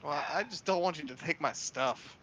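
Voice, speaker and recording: A man's voice: on the high side, moderate pace, bright, forceful tone. A man playing a tabletop game, chatty and eager. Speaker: player. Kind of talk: casual tabletop play.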